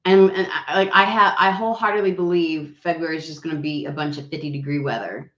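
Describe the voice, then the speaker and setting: A woman's voice: deep voice, fast talker, hardly any pauses, fairly bright tone, lo-fi sound. Sniffly woman tarot reader, roomy sound. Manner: rambling, swearing, many fillers. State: recovering voice, sniffly. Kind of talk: casual chat and card reading.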